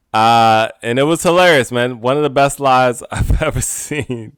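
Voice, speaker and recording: A man hosting a podcast alone, telling a rambling casual story with frequent laughs and sudden animated outbursts. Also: mid-range voice, smooth, no echo, studio quality. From United States. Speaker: podcast host. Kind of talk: casual solo monologue.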